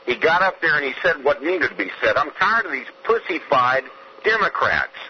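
A man's voice: a little high, very animated, moderate pace, muffled recording, a little hiss or hum. A man from Georgia, calling in to a radio show with a fiery, profane, emphatic rant. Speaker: caller. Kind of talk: angry phone-in rant.

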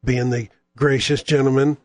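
A man's voice: mid-range voice, moderate pace, no room sound. Middle-aged guy on the radio, rambling chatty story, dry close sound. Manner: chatty, animated, wry asides. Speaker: radio host. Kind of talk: casual storytelling monologue.

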